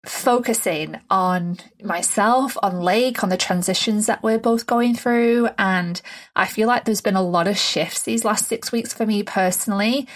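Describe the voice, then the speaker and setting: A woman hosting a podcast, musing thoughtfully and at times slowly on her own life. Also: mid-range voice. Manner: thoughtful, musing, slow in places. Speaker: podcast host. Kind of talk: reflective conversation.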